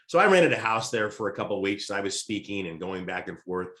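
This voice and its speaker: A middle-aged man with a lowish voice tells lively stories as a podcast guest, in a casual way. The room around him is echoey. He talks like someone spinning a tale among friends. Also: fast talker. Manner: lively anecdotal storyteller. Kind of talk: casual storytelling. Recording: roomy echo.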